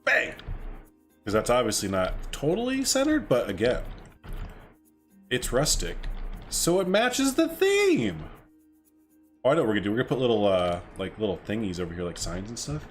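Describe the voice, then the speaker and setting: A man's voice: lowish voice, big pitch swings, a little fast. A man streaming a building game, chatting casually and upbeat, answering chat and exclaiming as he builds. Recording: faint music behind.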